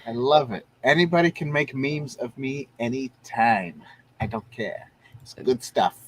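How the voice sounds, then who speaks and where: A man's voice: mid-range voice, a little slow. A man co-hosting a casual livestream, easygoing, with short agreeing replies and frequent laughter. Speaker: co-host of a livestream.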